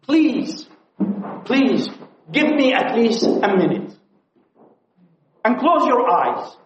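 A man preaching a sermon at a conference, pleading and impassioned, swinging from loud appeals to hushed tones. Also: very high-pitched, big pitch swings, takes it slowly, slight background noise. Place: conference hall. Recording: echoey, dull lo-fi hall recording.

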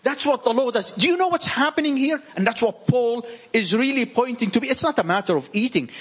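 A man with a French accent gives an informal sermon to a small group, his voice high for a man and a little husky. He swings his pitch widely and keeps hammering his points through repetition. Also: brisk. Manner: animated, repetitive and emphatic. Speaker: preacher.

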